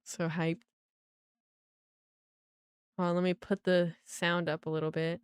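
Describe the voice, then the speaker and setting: A young woman livestreaming a game launch, chatting excitedly to her viewers and calling them guys. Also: on the low side, unhurried, clear, resonant tone, no echo, clean studio sound. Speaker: livestreaming gamer. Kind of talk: casual livestream chat.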